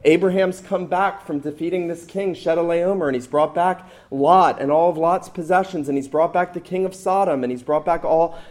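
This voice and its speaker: A man's voice: fairly high pitch, normal speed, hardly any pauses, darkish tone. Man preaching an earnest sermon. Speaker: pastor.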